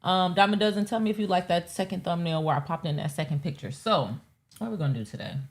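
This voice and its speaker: A woman's voice: fairly low pitch, quick pace. A woman hosting a live show, chatting casually and profanely to her chat while fumbling with her setup. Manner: rambling, profane, talks to chat.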